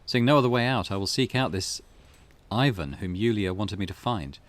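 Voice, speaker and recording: A man hosting a let's play, reading in-game notes aloud and muttering relaxed asides as he explores. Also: fairly low pitch, moderate pace. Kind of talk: gameplay commentary.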